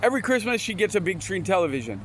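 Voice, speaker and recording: Racing along in a high, sing-song, slightly bright voice, this man casually shares motivational stories against slight background noise. He rambles and restarts frequently, mixing scripture into his talk.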